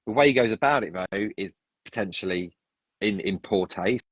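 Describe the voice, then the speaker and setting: A man with a low, husky voice talks through his opinions in a rambling, restart-filled way. The sound is dry and close, with no room around it. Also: moderate pace, a bit bright, no room sound, lo-fi sound. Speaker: podcast guest. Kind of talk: casual chat.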